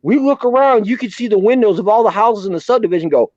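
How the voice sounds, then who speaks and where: A man's voice: high-pitched, lively intonation, fast talker, darkish tone, dry recording, lo-fi sound. A man telling rowdy, profane stories on a live stream, acting out the quotes. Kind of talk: casual storytelling chat.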